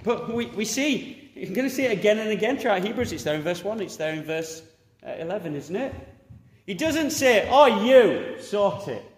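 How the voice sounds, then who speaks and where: A man preaching a sermon, exhorting and animated, rising loud and dropping quiet. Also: high voice, fairly quick, reverberant, in a large hall.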